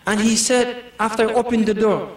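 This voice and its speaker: A man's voice: high-pitched, level tone, a little fast, reverberant, distant mic. A man giving a humorous sermon to a gathering, telling anecdotes and laughing often as he makes his points. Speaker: preacher.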